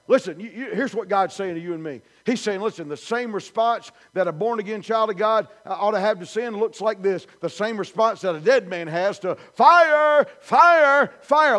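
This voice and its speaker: A man's voice: sits high, moderate pace, hardly any pauses. A male pastor preaching a sermon in a church, emphatic and repetitive, building his points through repeated declarations. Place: church sanctuary.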